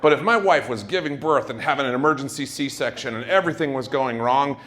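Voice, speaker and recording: A male stand-up comedian doing loud, teasing crowd work on a club stage. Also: medium pitch, fairly quick, background noise. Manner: loud, brash, teasing the audience. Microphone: handheld stage mic. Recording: live club with crowd laughter. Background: audience laughter.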